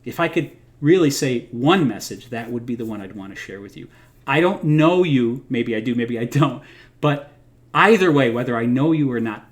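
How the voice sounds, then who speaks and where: A man hosting a live talk from home, speaking earnestly and encouragingly, laughing softly at himself now and then. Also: mid-range voice, animated, moderate pace. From United States. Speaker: host of a livestream. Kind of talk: casual motivational talk.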